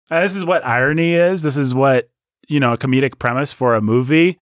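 Animated podcast co-host, man, dry close-miked sound, mid pitch. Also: fairly quick, dry recording. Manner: animated, jumps into high mock voices for jokes. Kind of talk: casual podcast discussion.

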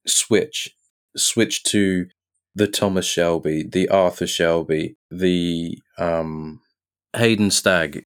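A man, an actor guest on a podcast in a pub, telling lively anecdotes and acting out what others said. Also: sits low, clean tone. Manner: lively storyteller who acts out quoted lines.

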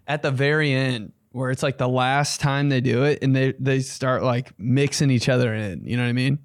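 A male comedian hosting his podcast, rambling through loose, profane stories and acting out every quote along the way. His voice sits in an ordinary middle pitch, and the recording is close and dry with no room sound. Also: fairly even intonation, normal speed, dry recording. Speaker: podcast host and stand-up comedian. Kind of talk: casual comedic storytelling.

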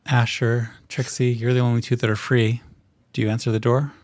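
A man narrating a tabletop game as game master, describing scenes in detail with frequent pauses and ums. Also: medium pitch, flat delivery, darkish tone, no room sound.

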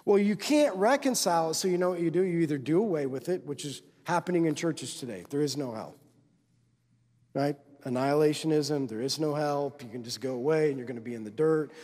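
A man's voice: fairly high pitch, lively intonation, brisk, a little mellow, big-room sound. A male pastor preaching a sermon in a church, talking conversationally and checking in with the congregation with constant tag questions. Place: church sanctuary.

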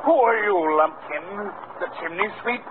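Man playing a vain theatrical roman emperor, high voice, tinny hissy old radio. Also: moderate pace, natural voice. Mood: pompous. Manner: pompous, theatrical. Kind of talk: 1930s radio comedy acting.

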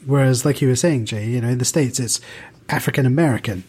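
British podcast co-host, mid-pitch male voice, loose rambling delivery with lots of restarts. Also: fast, a little mellow, breathy edge. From United Kingdom. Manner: thoughtful, rambling with many restarts and fillers. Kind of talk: casual podcast discussion.

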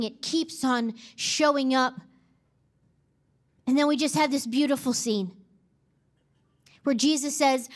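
A woman's voice: sits high, slow, long pauses. A woman pastor preaching a sermon, emphatic and repeating key phrases for effect.

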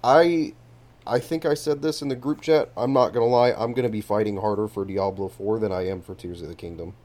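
A man's voice: on the low side, fairly even intonation, normal speed, darkish tone. A man co-hosting a casual podcast, enthusiastic and casually swearing. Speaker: podcast co-host.

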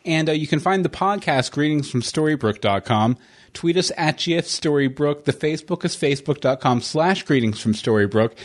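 A man's voice: fairly high pitch, animated, a little fast. A man hosting a podcast, talking in a casual, chatty way with lots of fillers and restarts. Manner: chatty, stammering with many fillers. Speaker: podcast host. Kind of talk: casual commentary chat.

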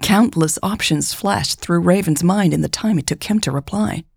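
A woman narrating romance fiction in a measured, even storytelling voice. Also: on the low side, creaky, breathy edge, no room sound, studio quality. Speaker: podcast author and narrator.

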